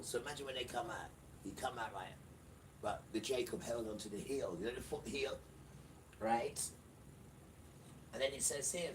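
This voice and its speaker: A man's voice: medium pitch, normal speed, long pauses, a little hiss or hum. A man preaching an emphatic livestream sermon, repeating phrases and speaking straight to the listener. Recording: distant mic with loud music behind.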